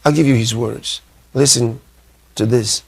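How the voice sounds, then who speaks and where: A man preaching a sermon, emphatic, repeating his phrases and reading scripture slowly. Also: mid-range voice, steady tone, creaky, husky. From Nigeria. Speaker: pastor.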